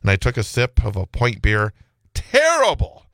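A man from Wisconsin hosts morning talk radio in a low voice, rambling easily between topics with plenty of fillers. The sound is close and dry, a studio microphone. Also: steady tone, brisk, creaky, a bit bright, smooth, no echo. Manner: chatty, rambling, many fillers and restarts. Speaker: radio talk show host. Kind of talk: casual talk radio chat.

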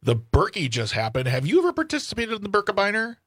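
A man's voice: sits high, fast talker, no room sound, clean studio sound. A man co-hosting a radio talk show, playful and telling stories casually. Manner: playful, animated storytelling. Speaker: radio co-host. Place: radio studio.

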